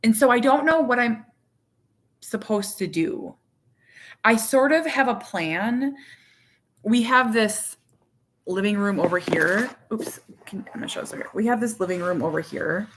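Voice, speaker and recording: A woman in her thirties chatting casually to her viewers from her living room, rambling and animated, with lots of "like". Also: on the high side, normal speed, background noise. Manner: rambling, heavy use of "like"; candid, animated. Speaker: vlogger, parent.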